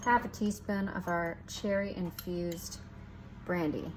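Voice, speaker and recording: A woman's voice: medium pitch, slow pace. Chatty woman baking in a noisy kitchen. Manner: chatty and playful, talking to the viewer while working. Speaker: home baking show host. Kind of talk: casual cooking demonstration.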